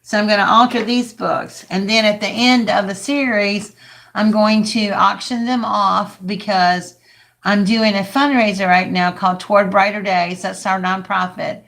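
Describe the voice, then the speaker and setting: Hoarse, raspy older woman with a lilt. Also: mid-range voice, steady tone, measured pace, a bit bright. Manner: chatty, rambling, talks to viewers by name. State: hoarse, losing her voice. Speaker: craft livestream host. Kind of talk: casual craft livestream chat.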